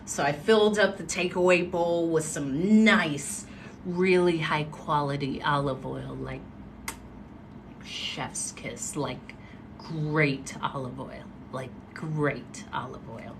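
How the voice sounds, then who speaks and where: A woman telling a story casually on a livestream, animated and expressive, acting out what people said. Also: low-pitched, takes it slowly, background noise. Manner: animated, expressive, acts out quotes. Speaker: motivational speaker.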